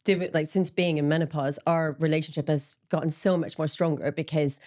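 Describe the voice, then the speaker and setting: Low-pitched middle-aged woman, frank and self-deprecating guest, loose conversational delivery. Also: steady tone, a little fast, darkish tone. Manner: open and candid, frequent ums, laughs at herself. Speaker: interview guest, menopause support group founder. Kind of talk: candid conversational interview.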